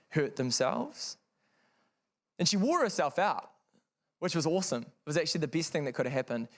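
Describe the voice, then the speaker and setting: A man speaking frankly to parents in a seminar room, telling a personal story in a conversational, earnest way with wry asides. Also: medium pitch.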